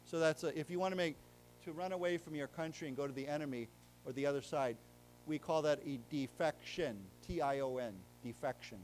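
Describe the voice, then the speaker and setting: A man's voice: fairly high pitch, steady tone, a little fast, darkish tone, slight background noise. A man teaching a live English vocabulary class, explaining words in plain terms and having the room repeat them after him. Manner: explains patiently in plain terms, checking understanding. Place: library lecture room with a live audience.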